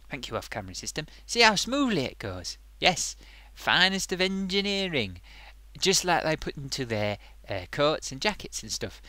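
A man voicing an excitable male sock puppet who hosts a comic makeup review, gushing and bumbling. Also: mid-range voice, dry recording. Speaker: host.

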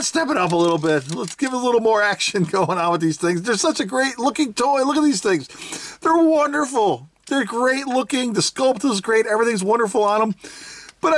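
A toy reviewer hosting a casual unboxing video, chatting with excitement, giggling often and thinking aloud. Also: mid-range voice, slight background noise. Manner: thinks aloud, unsure asides. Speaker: toy reviewer, channel host.

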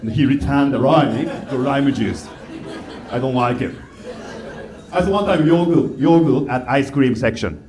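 Stand-up, Japanese-accented man, non-native English, deadpan and halting, roomy stage sound. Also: medium pitch, crowd noise. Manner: halting, simple phrasing, deadpan complaints. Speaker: stand-up comedian. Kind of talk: stand-up comedy set. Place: comedy club stage.

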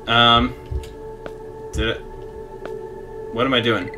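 Bright-voiced excitable young man gaming. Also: medium pitch, takes it slowly, long pauses. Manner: excitable, reads game text aloud, laughs at himself. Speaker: gaming streamer. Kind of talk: casual let's play commentary. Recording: faint game music behind.

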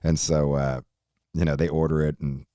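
Low-voiced man telling a rambling story. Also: level tone, moderate pace, dark tone, smooth, no echo, clean studio sound. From Virginia, USA. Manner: profane, rambling, laughs often while telling. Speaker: podcast guest. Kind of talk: casual storytelling.

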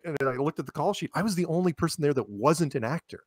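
A man telling stories as an interview guest, animated, laughing often and restarting his sentences. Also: on the high side, quick pace, no room sound, clean studio sound. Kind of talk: casual storytelling conversation.

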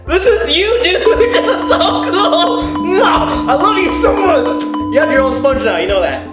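An excited man hosting an unboxing vlog from his bathtub, shouting and giggling a lot. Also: very high voice, measured pace. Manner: hyper, shouty, giggly, lots of slang. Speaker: vlogger host. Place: in a bathtub at home. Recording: echoey bathroom with background music.

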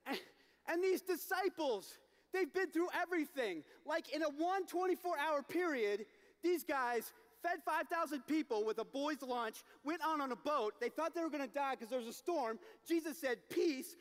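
A man telling a story as a dramatic sermon at a youth event, acting it out and shouting at the peaks. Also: very high-pitched, lively intonation, normal speed. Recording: long hall reverb.

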